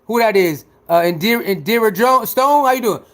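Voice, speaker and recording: A man doing casual livestream commentary, talking back to his viewers in an animated, emphatic way. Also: high voice, fairly quick. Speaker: livestreamer reacting to chat.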